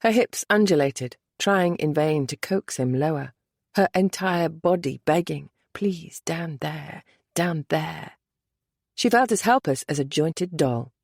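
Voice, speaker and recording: A woman narrating a romance audiobook in a soft, measured, intimate way. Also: sits low, expressive, no room sound, studio quality.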